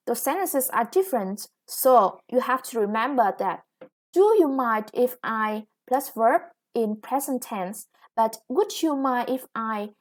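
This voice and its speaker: Vietnamese-accented woman teaching english grammar, slowish, highish voice, keeps saying yeah. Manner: slow and explanatory, frequent "yeah" and "okay". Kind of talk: recorded grammar lesson.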